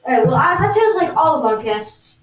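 A fake British guest on an improvised comedy podcast, played by a woman, with no real accent and a rambling, deadpan manner. The voice sits fairly high. It sounds distant from the mic in a roomy space. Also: brisk, a little hiss or hum. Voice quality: plain American-sounding voice. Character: self-proclaimed British guest, not convincing.

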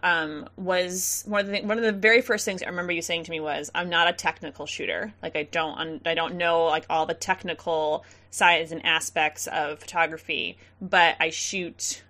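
A woman's voice: lowish voice, fairly even intonation, normal speed, hardly any pauses, pushed and bright. A woman co-hosting a casual podcast interview, chatty and loose, with frequent ums and laughs. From central Massachusetts. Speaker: podcast co-host.

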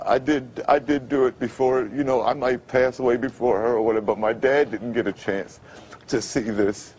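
A man answering questions in a TV interview, emotional and halting, with many stammered restarts. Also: medium pitch, darkish tone, a little hiss or hum. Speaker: interview guest.

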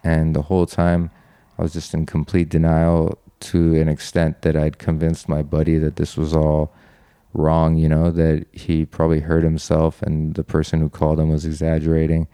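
Deep, even-voiced man telling his story. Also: normal speed, clean tone, no room sound, clean studio sound. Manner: earnest, reflective, frequent fillers. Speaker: podcast guest. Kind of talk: personal storytelling.

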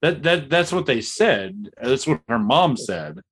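A man's voice: mid-range voice, big pitch swings, unhurried, breathy edge. A man co-hosting a casual movie review podcast, arguing his side hesitantly with restarts and sheepish laughs. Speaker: podcast co-host.

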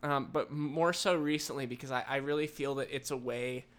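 A man co-hosting a casual podcast, telling a story with lively acted-out quotes. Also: mid-range voice, normal speed. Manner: animated, acts out quoted people in raised voices. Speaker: podcast co-host.

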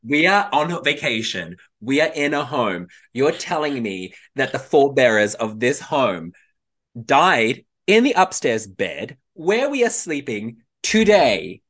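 A man co-hosting a casual podcast, telling a story in an animated way, acting out quotes and laughing often. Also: mid-range voice, unhurried. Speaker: podcast co-host.

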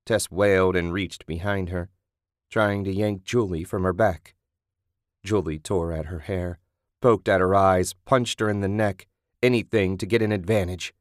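A man narrating a graphic horror audiobook in a steady, scripted delivery. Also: low-pitched, moderate pace, no room sound, clean studio sound.

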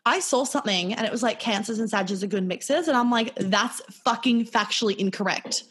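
Giggly, fast-talking woman chatting. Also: a little high, lively intonation, a bit bright, slightly rough. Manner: fast, swearing, scattered, giggly. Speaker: podcast co-host. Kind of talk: casual chat.

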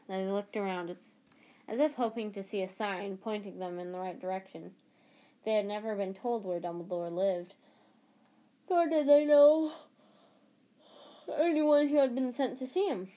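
A woman reading a novel aloud, narrating at a steady pace. She stumbles now and then and corrects herself. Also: mid-range voice, normal speed. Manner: steady reading with small restarts.

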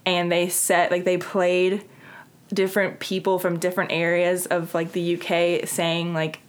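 Rambling low-voiced woman podcast co-host. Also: completely flat delivery, unhurried, clear, resonant tone. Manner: rambling, heavy use of "like". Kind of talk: casual chat.

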